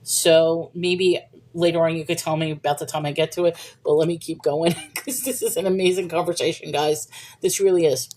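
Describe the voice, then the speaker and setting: A woman's voice: sits low, fairly even intonation, moderate pace, darkish tone. A woman hosting a livestream, talking casually about faith and reading viewer comments, chatty and thinking aloud with restarts and little laughs.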